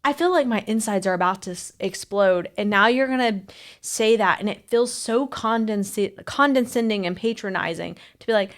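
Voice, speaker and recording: A woman's voice: mid-range voice, moderate pace. A woman marriage coach talking candidly and telling a story with animation in a casual podcast chat.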